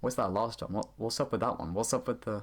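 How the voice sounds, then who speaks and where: A man's voice: on the low side, fast. A man narrating a scripted explainer on language in a dry, lightly wry way. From Sweden. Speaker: video essay narrator.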